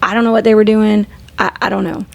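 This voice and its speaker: A woman's voice: medium pitch, flat delivery, fast talker, gravelly, highs cut off. A woman in her thirties, a podcast co-host, telling candid, profane stories in casual chat and laughing often.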